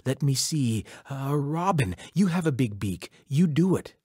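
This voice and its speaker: A man voicing a male coyote trickster in a spoken folk tale, excitable and bossy, whiny when in trouble. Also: medium pitch, unhurried, breathy edge, no echo, clean studio sound. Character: male coyote trickster, brash, boastful, selfish.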